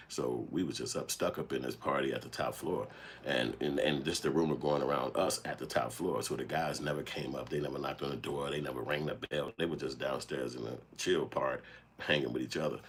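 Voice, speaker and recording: Man, extremely low voice, breathy husky tone, AAVE speech, loose rambling monologue, profane storytelling. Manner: rambling, animated storytelling with street slang and profanity. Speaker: filmmaker and channel host. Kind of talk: casual monologue commentary.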